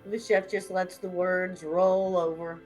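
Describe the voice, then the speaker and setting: A woman narrating as game master of a tabletop game, setting scenes with wry, unhurried remarks. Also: on the low side, level tone, a little mellow, faint music behind, rough recording.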